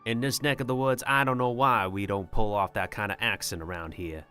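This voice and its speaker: A man's voice: on the low side, steady tone, brisk, bright, forceful tone, soft background music. A man doing casual gameplay commentary on a livestream, rambling and joking with his chat. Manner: rambling and jokey, talks to his chat and slips in joke drawls.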